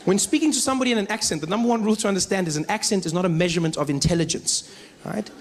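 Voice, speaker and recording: A man from South Africa performing stand-up comedy with animated storytelling and shifting voices. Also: sits high, racing, a little hiss or hum.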